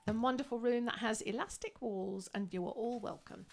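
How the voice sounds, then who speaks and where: A woman's voice: on the high side, moderate pace, creaky, hardly any pauses, heavy background noise. A woman co-hosting a live music stream, welcoming viewers and teasing the singer with laughing banter. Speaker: co-host. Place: music room.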